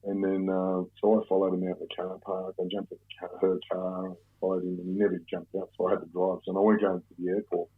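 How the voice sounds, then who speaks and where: A man's voice: sits low, completely flat delivery, fast, few pauses, husky. A man with an Australian accent telling a rambling, profane story in casual chat, with many restarts. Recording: tinny phone-like audio.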